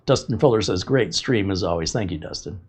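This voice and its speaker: A man's voice: sits low, lively intonation, brisk, husky. A man hosting a tech livestream, talking in a candid, emphatic, rambling way about his own mistakes. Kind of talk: casual livestream talk.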